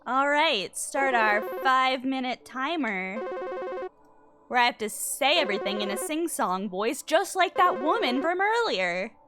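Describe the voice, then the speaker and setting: A high-pitched woman streamer talks in an easy, unhurried way, greeting her viewers by name and puzzling through the game aloud. Soft music plays faintly underneath. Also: lively intonation. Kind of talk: casual live-stream chat.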